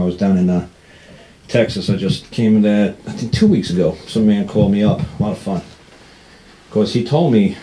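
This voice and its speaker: This talk show host on radio has a deep, warm voice. His casual storytelling is rambling and full of laughter, with him acting out what other people said.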